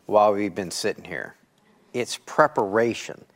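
A man hosting a faith interview, responding with affirming interjections and summing up in an unhurried way. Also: on the low side. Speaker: host. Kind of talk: interview conversation.

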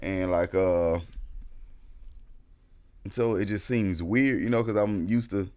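A man in a casual group chat who rambles through his points with halting fillers and restarts. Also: deep voice, a little mellow, clean tone.

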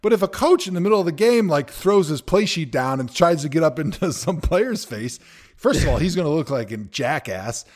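Lively joking man on a sports podcast. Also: fairly high pitch, brisk. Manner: opinionated, joking, rambling. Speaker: podcast co-host, former NFL player. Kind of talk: casual sports chat.

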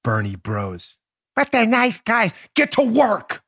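Shouting, fired-up male political host. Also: sits high, wildly swooping pitch, takes it slowly, husky. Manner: shouting, repetitive, blunt and profane. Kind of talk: ranting political commentary.

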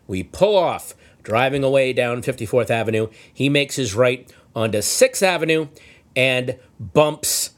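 A man telling a comic story in casual chat, acting out the shouted lines of the people in it. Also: mid-range voice. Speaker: storyteller guest.

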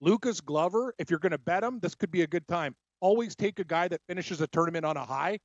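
A man co-hosting a casual sports betting show, an animated storyteller giving his picks. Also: fairly high pitch, fast, no echo. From Scotland. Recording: dry, dull lo-fi sound.

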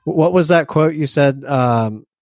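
This man co-hosts a podcast, discussing investing in a relaxed way with frequent restarts and filler words. He talks slowly in a fairly high, somewhat dark voice, and the recording has no room sound.

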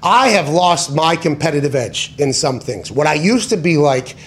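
A man's voice: on the high side, expressive, normal speed, a bit bright. A man hosting a sports talk show, talking casually in an emphatic, profane way and often correcting himself mid-sentence. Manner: tangents and self-corrections.

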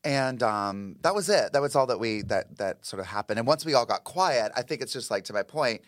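A man's voice: mid-range voice, a little fast, dry recording, clean studio sound. Chatty man telling a story on a podcast. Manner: animated, chatty, lots of "like" and restarts. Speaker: podcast guest, comedian and actor. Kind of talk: casual storytelling chat.

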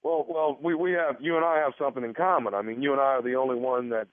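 A man's voice: mid-range voice, fairly even intonation, fast, close to an everyday voice. A man playing an awkward male gynecologist who stammers and hesitates through a phone call. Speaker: prank caller. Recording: tinny phone line.

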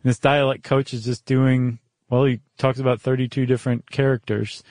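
A man's voice: mid-range voice, little pitch movement, normal speed, a little mellow, dry recording, studio quality. Easygoing American man in casual chat. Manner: easygoing, curious, many fillers. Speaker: podcast co-host.

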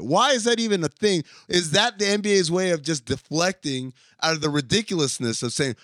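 Man, podcast co-host, bright tense voice, sarcastic and animated, dry sound. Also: sits high, fairly quick, hardly any pauses, dry recording. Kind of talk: casual podcast chat.

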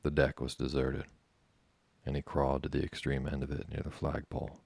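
A man reading a novel aloud as audiobook narration, in an even, unhurried storytelling manner. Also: a bass voice, vocal fry, slightly rough, dry recording. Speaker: audiobook reader.

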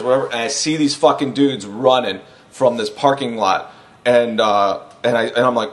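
A man's voice: mid-range voice, a little fast. A man guesting on a podcast, telling a wild story in a rambling, profane way and often laughing through it. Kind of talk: casual storytelling.

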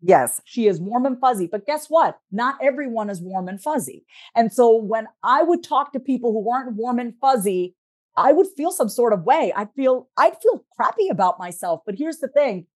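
A woman's voice: on the high side, lively intonation, moderate pace, dry recording, studio quality. A woman guest on a podcast, a therapist and life coach, speaking in a direct, emphatic, motivational way. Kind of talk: podcast interview talk.

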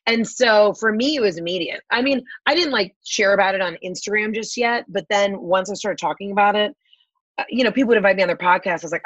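A husky woman telling brash, profane stories in a casual podcast chat, acting out quotes as she goes. The sound is close and dry, a little muffled. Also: medium pitch, dry recording.

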